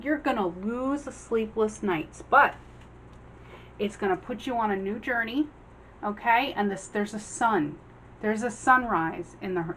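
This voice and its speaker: A woman giving a casual general tarot reading, chatty, acting out the figures on the cards in quick quoted voices. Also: mid-range voice, a little hiss or hum, rough recording. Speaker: tarot reader.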